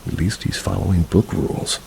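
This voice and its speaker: A man narrating scary reader-submitted stories in an even, measured reading. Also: deep voice, creaky, a little hiss or hum, poor audio. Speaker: horror story narrator.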